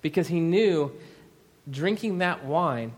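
A pastor in his thirties preaches a sermon, his voice sitting a little high for a man. He talks casually, with frequent fillers and asides to the congregation. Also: lively intonation, slow. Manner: conversational, with many fillers and asides.

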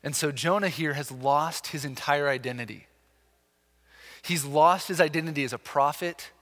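A man preaches a sermon in a church sanctuary, his fairly high voice carrying a long hall reverb. He speaks earnestly and with animation, often restarting his phrases as he presses a point. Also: a bit bright. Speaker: pastor.

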